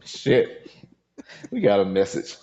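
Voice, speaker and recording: A man's voice: on the low side, big pitch swings, slow, warm tone, dull audio. A man co-hosting a podcast, reacting with laughs and crude jokes during banter. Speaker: podcast co-host.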